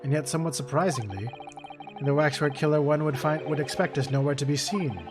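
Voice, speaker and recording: A man voicing a pompous, eccentric British gentleman detective in a video game, reading the dialogue with grand, old-fashioned formality. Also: fairly high pitch, fast, natural voice. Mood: grandiose. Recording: game music playing behind.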